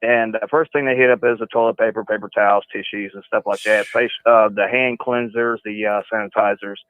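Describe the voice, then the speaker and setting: Male caller, drawn-out storytelling, heard over a tinny, dry phone line. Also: on the low side, fairly even intonation, clear, resonant tone, no room sound.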